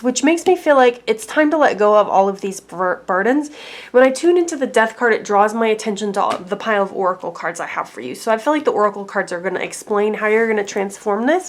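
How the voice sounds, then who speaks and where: Gravelly-voiced chatty woman tarot reader. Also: a little high. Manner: chatty, heavy use of "like" fillers. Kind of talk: casual pick-a-card tarot reading.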